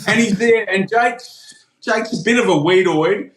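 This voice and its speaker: A man's voice: high voice, unhurried. A man in his forties with an Australian accent, calling in to tell a story, laughing and swearing as he acts out the voices in his yarn. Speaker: caller. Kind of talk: casual storytelling. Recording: echoey call-in line with faint noise.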